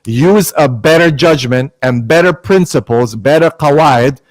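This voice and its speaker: A man's voice: fairly high pitch, measured pace, no room sound. A man arguing his side in a heated online debate, pointedly mixing Arabic religious terms into his speech.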